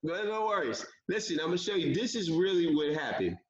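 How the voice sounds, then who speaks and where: A man tells a long story in a casual interview, acting out what people said along the way. His voice sits a bit high, and the audio is echoey and dull, like a lo-fi call recording. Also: brisk. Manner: animated storyteller, acts out quotes. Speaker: guest.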